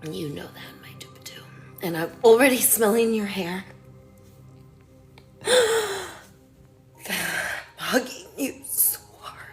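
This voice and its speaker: Woman, mid-pitch, slow halting emotional talk that keeps dropping to whispers, faint music behind. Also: expressive. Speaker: mother. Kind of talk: emotional monologue to an absent son.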